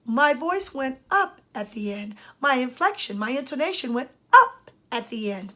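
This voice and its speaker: An older woman, a speech-language pathologist, giving a grammar lesson at a whiteboard and speaking slowly and with emphasis. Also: high voice, big pitch swings, sharp tone. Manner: slow, emphatic teacher talk. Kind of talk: grammar lesson for parents and students.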